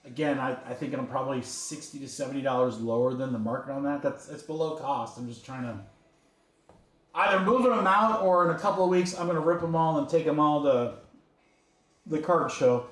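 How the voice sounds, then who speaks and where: A man's voice: on the high side, fairly quick, fairly bright tone, roomy sound. A man hosting a trading card break, rattling off card names with chatty asides to his viewers. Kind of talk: casual livestream commentary while opening packs.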